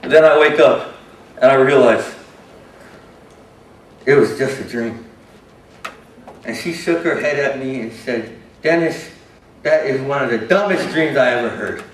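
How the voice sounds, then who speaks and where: An actor playing a shy, self-doubting young man with a disability, telling his story haltingly and earnestly in a stage monologue. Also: medium pitch, a little hiss or hum, close to an everyday voice. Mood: frustrated. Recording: roomy hall from a distance.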